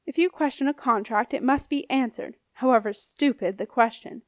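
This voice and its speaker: The clip has studio quality with no room sound: a woman with a slightly high, natural voice narrates an audiobook at a moderate pace. She plays a menacing, scornful old male ghost, snappish and growling, sneering and bullying.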